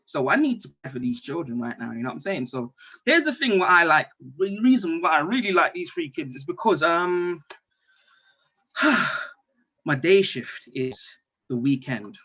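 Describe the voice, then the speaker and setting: A man with speech, doing a stand-up comedy monologue in an animated way, with loud outbursts and swearing. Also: a little high, moderate pace, breathy edge. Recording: dull lo-fi stream audio.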